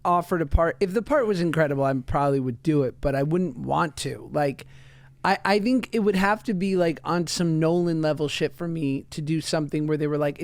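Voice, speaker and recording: A man's voice: on the high side, fairly quick, dry recording. A man in his thirties co-hosting a podcast, telling stories in casual chat and acting out voices of his kids. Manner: animated storytelling, acts out voices of his kids. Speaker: podcast co-host.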